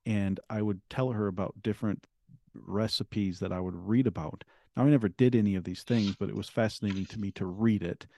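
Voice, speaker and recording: A man in his forties, a podcast guest, telling a personal story earnestly, halting and restarting often. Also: on the low side, fairly even intonation, dark tone, dry recording. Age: 40s.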